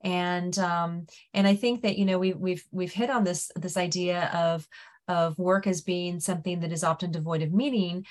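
A woman speaking earnestly and thoughtfully in a panel discussion, pausing with fillers as she works out her ideas. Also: lowish voice, fairly even intonation.

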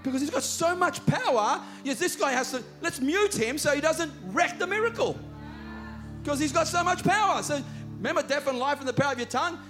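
A man's voice: extremely high pitch, sharp tone. A man preaching a sermon, emphatic and repeating words for stress.

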